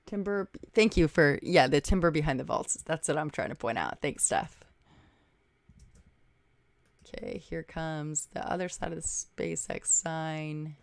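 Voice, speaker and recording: Woman, low voice, casual livestream host, dry close sound. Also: expressive, measured pace, creaky, no echo. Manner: chatty, thinks aloud, thanks viewers by name. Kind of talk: casual livestream chat reading viewer comments.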